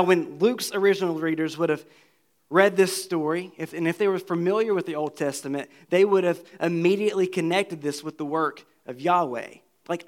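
A man with a high, light voice preaches a sermon from the pulpit. He is earnest and reads scripture aloud, and he often sinks to a low, quiet tone to stress a point. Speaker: pastor.

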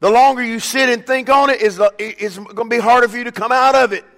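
An older man preaching a sermon as pastor, swinging between loud emphatic bursts and quiet asides, calling on the congregation by name. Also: very high voice, steady tone, quick pace. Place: church sanctuary. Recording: long reverb of a church hall.

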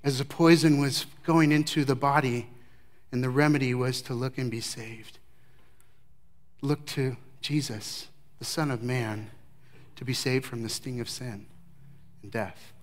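In a slightly slow sermon, this middle-aged male preacher narrates with animated emphasis that falls away into soft, low moments.

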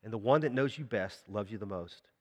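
A man's voice: lowish voice, brisk, darkish tone, big-room sound. A man preaching a sermon in a church, talking conversationally and asking the congregation questions. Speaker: pastor.

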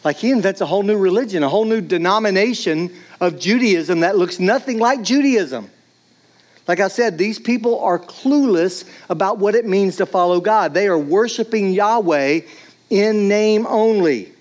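A man's voice: high voice, normal speed. A man preaching a sermon in a casual, conversational way, often saying "like". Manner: casual, conversational, many "like"s, acts out voices. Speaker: pastor.

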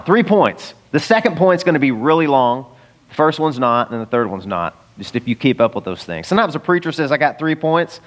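Conversational preacher in a reverberant hall. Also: male voice, on the high side. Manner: conversational, acts out quoted voices. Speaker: pastor. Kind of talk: sermon.

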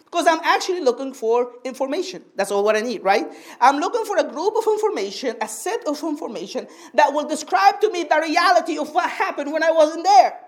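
A woman with a high, bright-pitched voice preaches a sermon to her congregation. She teaches patiently and keeps asking for an amen. She slows down and stretches out the phrases she wants to stress. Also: animated. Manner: draws out key phrases slowly for emphasis.

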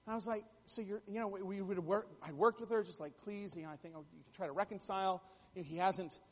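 A man's voice: sits high, fast, breathy edge, big-room sound. A man preaching a sermon, telling stories with jokey asides and building to emphatic bursts. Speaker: pastor.

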